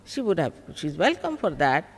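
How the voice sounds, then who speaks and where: A woman's voice: deep voice, sing-song, moderate pace, husky. Older woman scolding firmly in a hall. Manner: firm, scolding, repeats herself. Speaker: spiritual teacher giving a public talk. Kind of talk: public talk, heated exchange with audience. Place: large public hall. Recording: long reverb of a large hall.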